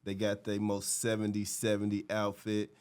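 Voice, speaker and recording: A man's voice: fairly low pitch, completely flat delivery, normal speed, darkish tone, clean tone. A man co-hosting a podcast in casual chat, easygoing and agreeable, often backing up his partner. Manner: easygoing, agreeable, many "yeah" backchannels. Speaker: podcast co-host.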